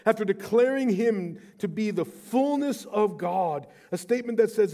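Animated high-voiced male preacher. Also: moderate pace, few pauses. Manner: storytelling, animated, emphatic. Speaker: pastor. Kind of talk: sermon.

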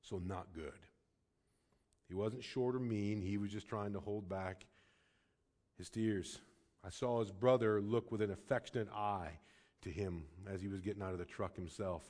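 A man preaching a sermon as pastor, telling a personal story with emphatic stretches and soft, hushed passages, sometimes stammering and restarting. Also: on the low side, fairly even intonation, moderate pace.

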